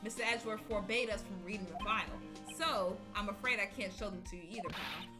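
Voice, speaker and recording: A woman's voice: mid-range voice, fast talker, natural voice. A woman reading out a friendly male police detective's lines over game music. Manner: reading in-game dialogue aloud, lightly voiced.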